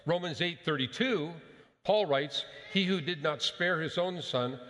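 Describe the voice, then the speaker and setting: A male pastor giving a sermon, speaking in an emphatic, measured way and putting rhetorical questions to the congregation. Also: a little high, a bit bright, big-room sound.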